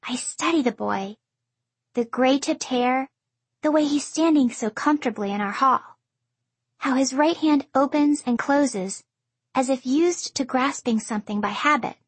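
A woman narrating a first-person audiobook in an even storytelling delivery. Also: high-pitched, slightly rough, no room sound.

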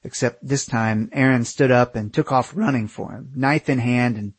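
Husky man narrating a memoir. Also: mid-range voice, moderate pace, dry recording. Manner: wry, candid, casual swearing. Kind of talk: first-person memoir narration.

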